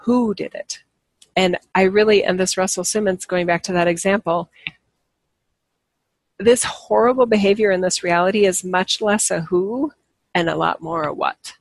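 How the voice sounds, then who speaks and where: A woman talks casually to her live viewers in a voice with a gravelly edge. She rambles and restarts her sentences, often laughing at herself. The sound is close and dry. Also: mid-range voice, normal speed, no echo. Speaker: livestream host.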